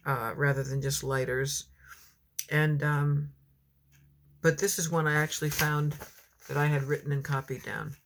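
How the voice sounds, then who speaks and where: A middle-aged woman at home chatting casually between readings of her own poems, rambling in conversation and reading slowly and tenderly. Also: sits low, fairly bright tone. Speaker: poet.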